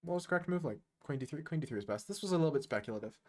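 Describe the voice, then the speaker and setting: A man's voice: fairly high pitch, animated, racing. Chatty self-deprecating man streaming chess. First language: English. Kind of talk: casual live-stream commentary.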